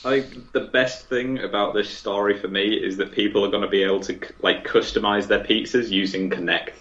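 A man's voice: on the low side, fairly even intonation, fairly quick, a bit bright, muffled recording, slight background noise. A man guest on a podcast, joking with goofy enthusiasm in casual chat.

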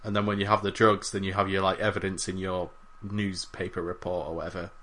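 A man's voice: low voice, flat delivery, brisk, fairly bright tone. Guy on a gaming podcast, rambly, mocks himself, swears a lot, casual. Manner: rambling, self-mocking, sweary. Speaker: podcast co-host. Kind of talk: casual chat.

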